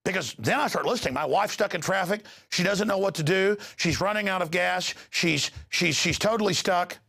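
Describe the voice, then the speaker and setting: A man's voice: high voice, moderate pace, vocal fry, pushed and bright. A middle-aged man hosting heated news commentary, ranting in an agitated way and repeating words as he gets worked up. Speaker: host.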